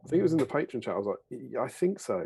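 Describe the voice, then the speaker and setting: A man's voice: medium pitch, sing-song, racing, gravelly, dark tone, slightly rough. A man co-hosting a hobby stream, chatting casually with playful, self-deprecating banter. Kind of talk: casual chat.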